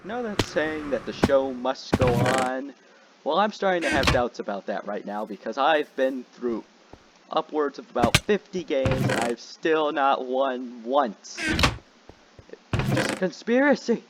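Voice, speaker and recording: A young man giving casual gameplay commentary as a channel host, jokey and excitable, shouting when frustrated. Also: medium pitch, a little slow. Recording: loud background noise.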